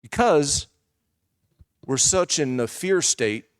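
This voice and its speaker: A man's voice: on the high side, lively intonation, takes it slowly, clean tone, dry recording. Candid male preacher in a dry church recording. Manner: conversational, candid storytelling with asides. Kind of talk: personal testimony sermon.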